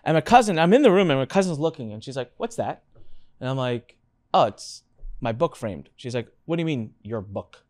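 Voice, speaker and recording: A man hosting a podcast interview, telling a personal story with animated voices for his family. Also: mid-range voice, brisk, no echo. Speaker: podcast host.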